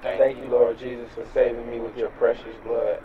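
A man's voice: completely flat delivery, moderate pace, dull audio, a crowd in the background, natural voice. A man playing a frantic, cursing young man. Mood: repentant. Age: young adult. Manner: frantic, cursing, voice cracking high. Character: agitated young man worn out from street life. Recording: street noise behind.

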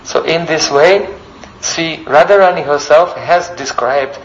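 A man's voice: on the high side, a little slow, lo-fi sound. A man preaching a devotional sermon as a story, often checking in with the listeners by asking them questions.

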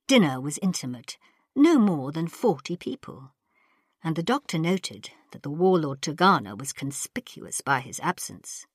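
A woman narrating an audiobook in a measured storytelling manner. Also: deep voice, very animated, breathy edge, no room sound, studio quality. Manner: measured storytelling, voices characters. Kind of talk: scripted narration.

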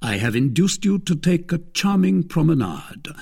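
A man voicing a calm, ironic musketeer in a read-aloud novel, measured and dry, with a gravelly, husky voice. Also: fairly high pitch, pitched above the performer's own voice, heavily acted.

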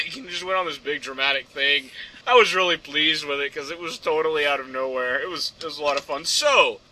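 A young man with a high, very bright voice tells a rambling story on a casual podcast. He slips into acted-out lines of text messages and keeps breaking into laughter. His talk is loose and full of fillers. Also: a little fast. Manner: rambling, laughs often, acts out text exchanges. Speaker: podcast co-host.

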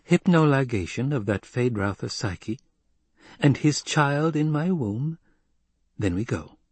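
Brief: cool, scheming noblewoman, read by a man, hushed and slow, dry close sound. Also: medium pitch, lively intonation, husky, no room sound, pitched above the performer's own voice. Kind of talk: audiobook character voice.

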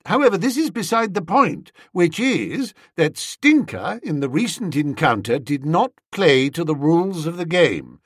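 Lively, husky audiobook narration. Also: mid-range voice, dry recording. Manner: dry, pompous first-person telling. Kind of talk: scripted narration of a comic novel.

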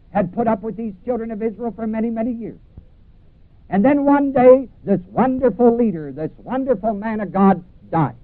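A man's voice: high voice, dry recording, narrow, tinny audio. A man preaching a sermon with emphatic repetition and questions put to his congregation. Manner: emphatic, repeats phrases, asks congregation questions.

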